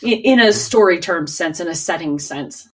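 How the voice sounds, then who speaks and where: Woman podcast co-host, casual and chatty, lowish voice, lots of ums and laughs. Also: animated, moderate pace, breathy edge, far from the mic. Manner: chatty, laughs often, many fillers and restarts. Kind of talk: casual chat.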